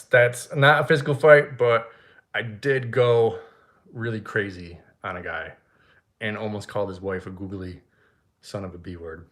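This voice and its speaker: A young man who runs an event rental business, answering live viewer questions and telling stories animatedly. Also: fairly low pitch. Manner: animated storytelling, acts out shouting in quotes. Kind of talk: live Q&A, casual storytelling. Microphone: single mic, standing.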